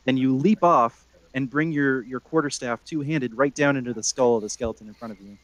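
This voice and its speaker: A man running a tabletop game as game master, narrating the action in a relaxed, chuckling way. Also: medium pitch, a little fast, no echo, poor audio.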